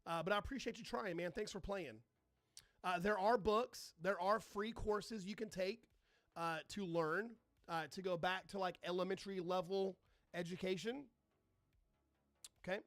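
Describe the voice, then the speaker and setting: A man's voice: high-pitched, fairly even intonation, moderate pace, a bit bright, no room sound. A man hosting a live astronomy stream, chatting casually, swearing and reading out and answering viewer comments, sarcastic toward trolls. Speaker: astronomy livestream host.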